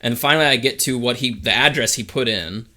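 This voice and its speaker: A man's voice: medium pitch, brisk, sharp tone. A young man co-hosting a podcast, telling a story in a laid-back way, swearing freely and filling with "like". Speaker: podcast co-host. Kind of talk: casual chat.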